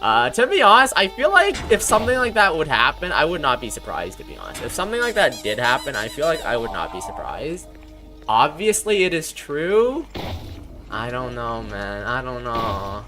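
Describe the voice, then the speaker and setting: A man's voice: medium pitch, huge pitch swings, normal speed, over music. Rambling non-native-English streamer man. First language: not English. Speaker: game streamer. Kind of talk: casual gameplay commentary.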